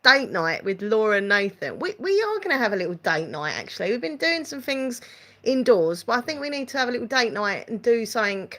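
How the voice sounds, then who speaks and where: A woman's voice: on the high side, very animated, a little fast, a bit bright. A woman with an Essex accent, hosting a casual live stream, rambling and reading out viewer comments. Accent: Essex English. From England.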